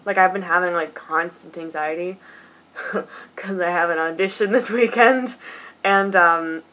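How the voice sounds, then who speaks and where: A woman's voice: lowish voice, unhurried, pushed and bright, poor audio. A tired young woman in her late teens from the US, rambling self-deprecatingly through a casual vlog as its host. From United States.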